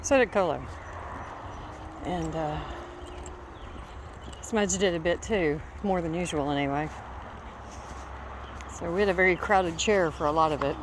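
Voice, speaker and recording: Woman, casual dog-walk vlogger, slightly winded, lowish voice, noisy outdoor recording. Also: a little slow, long pauses. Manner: chatty, calls commands to her dog. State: out of breath. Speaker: vlogger walking her dog. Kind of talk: casual walking vlog. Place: outdoors in a small town.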